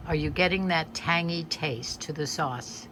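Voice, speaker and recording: A woman's voice: low voice, a little slow, a bit bright, a little hiss or hum. A woman in her eighties, chatty and homey, talking through a cooking demonstration in her home kitchen. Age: 80s. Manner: chatty, homey, talks through each step. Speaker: home cook vlogger.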